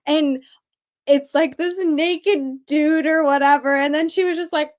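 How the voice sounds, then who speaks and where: A woman's voice: high-pitched, fairly even intonation, a little slow. A young woman chatting casually about a book, full of fillers and frequent laughs. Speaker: book club discussion participant.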